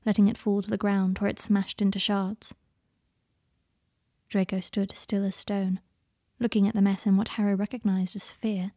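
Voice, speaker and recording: Female storyteller, gentle delivery, warm tone, dry booth-like sound. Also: mid-range voice, no room sound. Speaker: fan fiction reader. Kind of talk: audiobook narration.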